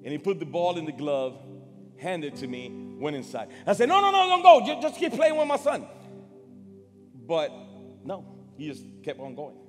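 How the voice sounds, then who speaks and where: A middle-aged man with a high voice preaches in a big hall, and his words ring out in a long reverb. Soft music plays faintly under him. He stumbles over repeated words, now loud, now almost hushed. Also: sing-song, normal speed, pauses often. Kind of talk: sermon with personal story.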